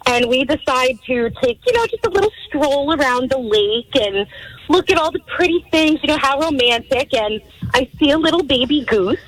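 A woman's voice: high voice, expressive, normal speed, no room sound, poor audio. A woman calling in to a radio show, telling a story in a bubbly, self-mocking way. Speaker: caller. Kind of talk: phone-in radio chat.

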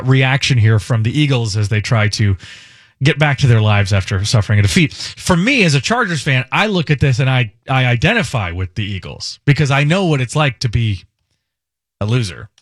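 Picture a male radio host in a dry, close studio sound, his pitch swinging freely as he riffs. He chats casually and sounds amused by everything he plays. His voice is mid-pitched. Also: no echo. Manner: amused, animated commentary. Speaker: radio talk show host.

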